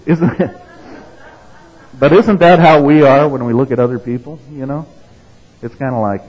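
A man's voice: medium pitch, moderate pace, long pauses, a little mellow. A man preaching a sermon in a casual, conversational way, reading quotations with rising emphasis and checking in with the listeners. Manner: conversational preaching, tag questions like okay and right. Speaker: pastor. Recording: dull, reverberant hall sound.

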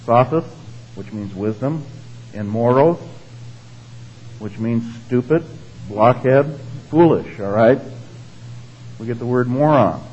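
A man's voice: mid-range voice, expressive, takes it slowly, long pauses, darkish tone, dull audio, slight background noise. A man preaching a sermon in a conversational teaching manner, asking the congregation questions and tagging his points with "all right?" and "okay?". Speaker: pastor.

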